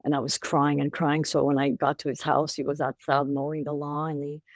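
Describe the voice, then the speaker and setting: A woman's voice: sits low, little pitch movement, brisk, no room sound. An older woman, a co-parenting coach, telling personal stories in an emotional, repetitive way as a podcast guest. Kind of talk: casual interview chat.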